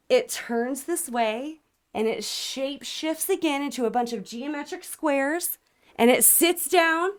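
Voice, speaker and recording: A woman ufologist telling a dramatic story in an interview, acting out what people said. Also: fairly high pitch. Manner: excited, acts out quoted speech, voice climbs when alarmed. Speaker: ufologist guest.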